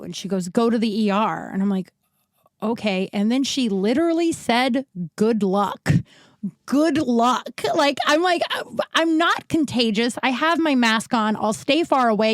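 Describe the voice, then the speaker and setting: A woman's voice: mid-range voice, dry recording. Chatty woman with a dry close sound. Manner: chatty, swearing, acts out quoted people. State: recovering from illness, winded. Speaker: podcast host. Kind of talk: casual storytelling monologue.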